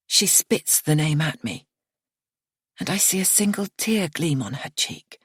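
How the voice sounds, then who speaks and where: A woman reading a psychological thriller aloud in the first person, measured and hushed. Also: low voice, animated, husky, dry recording, studio quality. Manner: measured and hushed, dropping to a whisper at tense moments. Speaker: audiobook narrator.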